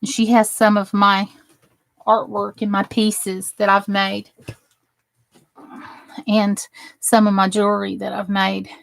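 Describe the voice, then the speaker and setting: A woman's voice: medium pitch, completely flat delivery, slow, gravelly, long pauses, dry recording. A woman from New Jersey hosting a crafting livestream, chatting casually and greeting viewers by name as she works. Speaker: crafting channel host.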